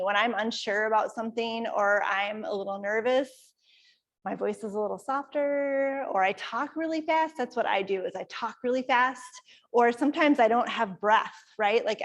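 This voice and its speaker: Higher-voiced woman teaching a yoga class. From Iowa, USA. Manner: calm, conversational, explaining step by step. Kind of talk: guided yoga class instruction.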